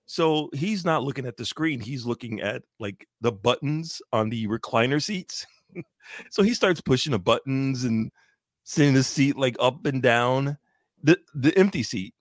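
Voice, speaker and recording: A man of middle pitch tells a loose story as a podcast co-host. He rambles with plenty of filler words and laughs along the way. The recording is dry and close. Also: lively intonation, unhurried, no room sound. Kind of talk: casual chat.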